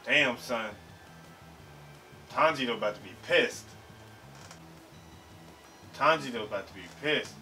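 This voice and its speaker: A man hosting an anime reaction video, talking in an excitable, slangy way and swearing freely. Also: medium pitch, a little slow, long pauses, faint music behind. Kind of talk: casual reaction commentary. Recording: slightly distant mic, faint show audio.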